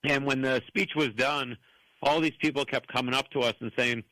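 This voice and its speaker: A man's voice: mid-range voice, brisk, dry recording, poor audio. A man in his fifties, from the United States, telling stories as an author guest and acting out the voices he quotes. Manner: animated storyteller who acts out quoted voices. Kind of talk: storytelling interview answers.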